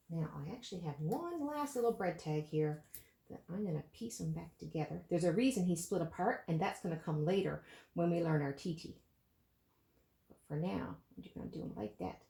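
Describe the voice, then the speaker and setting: A woman teaching a children's music lesson, speaking slowly and encouragingly to young children. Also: mid-range voice, sing-song, warm tone.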